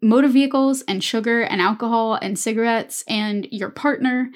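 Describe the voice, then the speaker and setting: A woman's voice: on the high side, moderate pace. Chatty woman retelling a film. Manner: animated storytelling, full of "like" and "you know". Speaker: podcast co-host. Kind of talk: casual chat.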